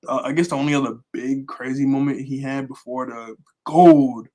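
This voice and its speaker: A man chatting casually in a fan review, rambling with many fillers and quick chuckles. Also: mid-range voice, fairly even intonation, mellow, low-quality recording. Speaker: anime vlogger.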